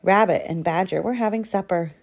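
A woman reading a children's picture book aloud in an expressive storytelling manner. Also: on the low side, fairly quick, creaky, dull audio. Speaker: storybook reader.

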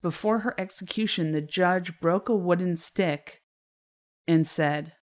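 A woman's voice: fairly low pitch, a little slow, a little mellow. A woman co-hosting a casual true-crime podcast, reading case notes and breaking into laughter. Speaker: podcast co-host.

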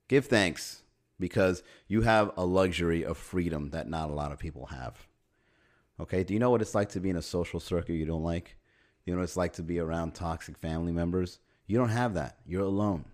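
A podcast host with a low, slightly mellow voice delivers a brisk, casual comedic monologue. He's wry and sarcastic, swears casually, and laughs at his own jokes.

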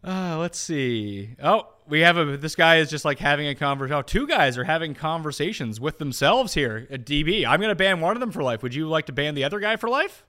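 Lively, bright-voiced man hosting. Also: on the high side, brisk, few pauses. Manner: animated, bursts into shouting when riled. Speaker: podcast co-host. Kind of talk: casual sports chat.

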